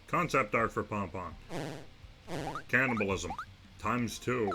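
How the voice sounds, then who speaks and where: A young man streams a game, his fairly low voice moving slowly against a noisy background. He offers wry let's-play commentary, talking to himself as he reacts to what happens.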